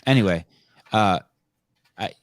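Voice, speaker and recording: A man's voice: on the low side, measured pace, no echo, studio quality. Rambling, joking podcast host man. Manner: rambling, joking, easily sidetracked. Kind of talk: casual podcast chat.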